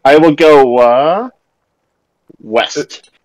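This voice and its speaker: A man's voice: on the high side, very slow, darkish tone, no room sound, rough recording. A man taking part in a tabletop game, stating his character's actions plainly. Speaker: player.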